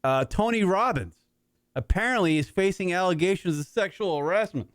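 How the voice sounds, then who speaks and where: A man's voice: high voice, animated, moderate pace, no echo. A middle-aged man hosting a talk radio show, rambling and swearing constantly with lots of fillers, in a studio. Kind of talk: casual talk radio banter.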